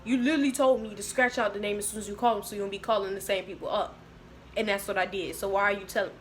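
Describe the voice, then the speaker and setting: A young woman telling a storytime to her viewers, animated and slangy. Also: mid-range voice, quick pace, a little hiss or hum. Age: young adult. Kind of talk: casual storytime.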